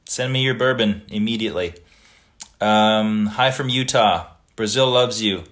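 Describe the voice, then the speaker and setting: A man hosting a casual livestream, reading viewer comments aloud and chatting back in a relaxed, friendly way. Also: fairly low pitch, a little slow. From Italian family background.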